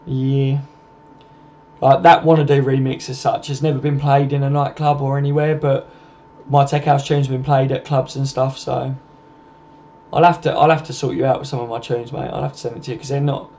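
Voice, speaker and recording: Host, male, gravelly, matey live-stream chat, dull lo-fi sound. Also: medium pitch, mellow. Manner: chatty, matey, addresses viewers as mate. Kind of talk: casual live-stream chat reading comments. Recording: dull lo-fi home stream with faint noise.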